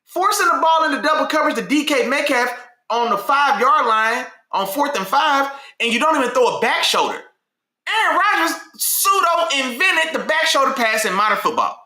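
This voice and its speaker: Man, sports talk host, slangy, animated, repeats himself, lively pitch, echoey room. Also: moderate pace. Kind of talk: casual live-stream sports talk.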